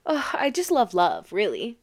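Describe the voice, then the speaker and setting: A young woman co-hosting a podcast, chatting in a lively, gushing way. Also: medium pitch, moderate pace. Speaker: podcast co-host. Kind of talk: casual chat.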